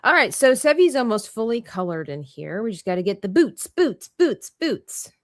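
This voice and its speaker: A chatty woman hosts a live drawing stream, talking casually as she colors and laughing often. Her pitch jumps around a lot with animated swings. The recording is close and dry. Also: a little fast, dry recording. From Canada. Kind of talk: casual chat while drawing.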